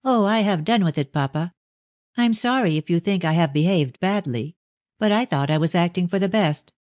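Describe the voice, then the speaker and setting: A man's voice: sits high, moderate pace, darkish tone, dry recording, close to an everyday voice. A man reading an audiobook, voicing an anxious, tearful young woman pleading with her father.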